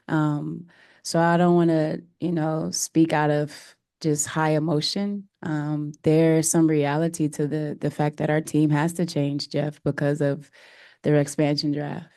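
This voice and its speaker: A woman head coach answering press conference questions in an earnest, emotional way, often pausing with fillers. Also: low-pitched, little pitch movement, warm tone, smooth, dry recording, clean studio sound. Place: press room.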